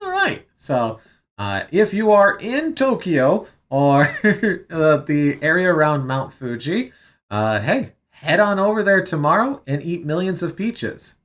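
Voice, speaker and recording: A man's voice: fairly high pitch, very animated, takes it slowly. A man studying on a stream, thinking aloud with many fillers as he sounds out foreign words and translates them. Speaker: language learner streaming his study. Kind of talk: casual self-study narration.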